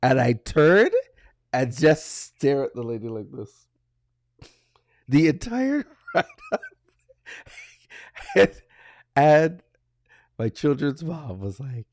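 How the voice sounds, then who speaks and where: A man co-hosting a podcast, telling a personal story in a casual way and acting out the dialogue with animated energy. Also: mid-range voice, takes it slowly, pauses often, no echo, clean studio sound. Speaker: podcast co-host.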